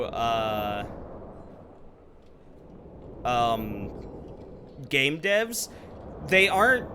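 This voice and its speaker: A man's voice: a little high, pushed and bright, slight background noise. A man streaming live, chatting casually while gaming and rambling with lots of fillers. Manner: rambling, with frequent ums and likes.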